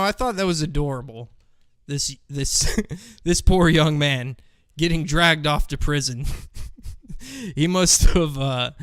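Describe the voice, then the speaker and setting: A man's voice: a little high, fairly bright tone, smooth, no echo, clean studio sound. A male show host giving casual, rambling, profane commentary on video clips.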